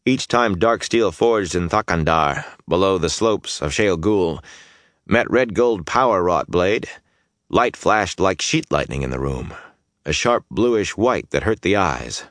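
A man with a deep, low voice reads a fantasy audiobook, his pitch rising and falling with lively drama. His delivery is intense and builds through the action, recorded close and dry with no room sound. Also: unhurried, dry recording. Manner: intense, dynamic storytelling that swells in battle scenes. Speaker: audiobook narrator.

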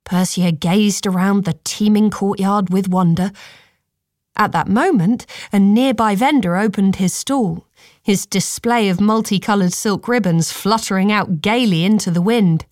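A woman narrating a storybook in a calm, measured reading voice. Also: medium pitch, no room sound, studio quality.

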